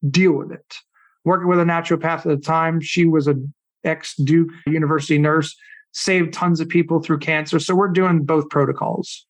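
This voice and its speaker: A middle-aged man, a podcast guest and coach, telling his story in a casual, animated way, acting out what others said and swearing bluntly. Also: fairly high pitch, moderate pace. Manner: animated, acts out quoted people.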